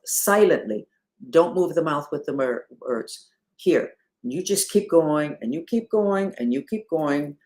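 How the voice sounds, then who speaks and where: A woman, a spiritual movement leader, talking casually and rhetorically to her followers, swinging between emphatic and hushed delivery. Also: low-pitched, lively intonation, moderate pace.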